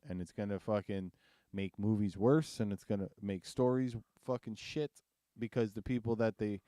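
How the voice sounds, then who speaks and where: American guy cohosting a podcast, low mellow voice, swears a lot, dry close mic. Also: fairly even intonation, normal speed, no room sound. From United States. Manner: profane, laughing, mocking impressions. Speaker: podcast co-host. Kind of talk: casual chat.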